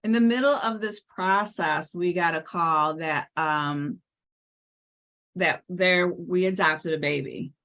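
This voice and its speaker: A woman's voice: fairly low pitch, slow pace, muffled recording. A middle-aged woman, a salon spa owner and author, telling stories in an interview and acting out the voices of the people in them. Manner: lively, acts out quoted voices. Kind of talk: animated storytelling in a podcast interview.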